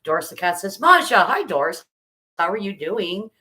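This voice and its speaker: A woman's voice: fairly low pitch, moderate pace, fairly bright tone, poor audio. A middle-aged woman hosting a casual live baking stream, chatting, greeting viewers by name and reading out their comments.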